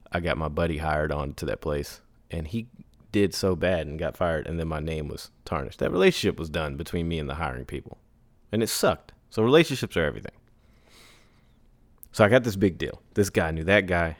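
A man hosting a solo podcast, telling business stories in a casual, animated way, acting out others in high put-on voices and laughing between lines. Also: no room sound. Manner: laughs and sighs often. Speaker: podcast host.

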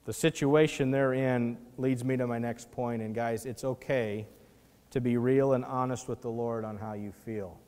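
A man preaching a sermon as pastor, animated and acting out the voices in the scripture he reads. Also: mid-range voice, moderate pace, long reverb tail.

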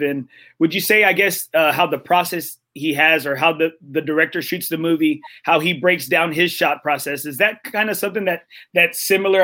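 A man's voice: a little high, pushed and bright. A man hosting a casual chat, telling a story with many fillers, acting out the quoted lines and often checking in with "right?". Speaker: podcast host.

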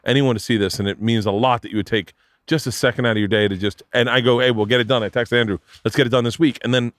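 This middle-aged comedian hosts a podcast in a casual, swearing, meandering storytelling style. His voice sits at an ordinary pitch, recorded close and dry with no room sound. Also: quick pace, no room sound. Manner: profane, rambling, animated storyteller who acts out quotes.

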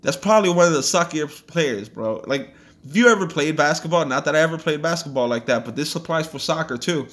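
A man's voice: on the high side, expressive, brisk, a bit bright. A man hosting a podcast, delivering a blunt, profane and heated motivational rant. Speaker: podcast host. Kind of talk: ranting motivational monologue.

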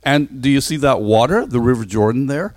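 A man's voice: mid-range voice, animated, a little fast, darkish tone, dry recording, pitched above the performer's own voice, natural voice. A man playing John the Baptist, a bold and boastful wilderness preacher, in a Bible storytelling talk.

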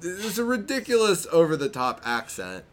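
A man hosting a casual podcast chat, sarcastic and swearing freely in quick bursts. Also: fairly high pitch, huge pitch swings, noisy background. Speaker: podcast host.

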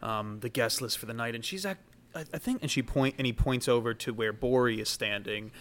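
A man's voice: mid-range voice, brisk, fairly bright tone. A man narrating as dungeon master in a loose, casual way with many fillers. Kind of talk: narrating a tabletop game.

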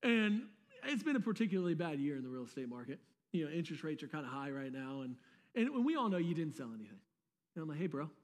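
A pastor preaching a sermon in a casual, conversational way, with slangy asides and words he often repeats. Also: fairly high pitch. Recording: long reverb of a large hall.

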